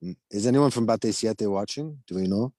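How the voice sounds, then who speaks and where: A man's voice: fairly low pitch, normal speed, mellow, low-quality recording. A man speaking as a guest on a video call, recalling past trips in a rambling, hesitant way. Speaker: guest, former program leader. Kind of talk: casual interview chat.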